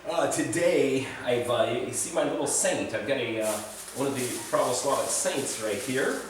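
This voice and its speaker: A man's voice: mid-range voice, normal speed, noisy background. Chatty man, echoey distant mic. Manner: chatty, self-deprecating, rambling. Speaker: food vlogger. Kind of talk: rambling casual food vlog. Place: indoors in Serbia, roomy space.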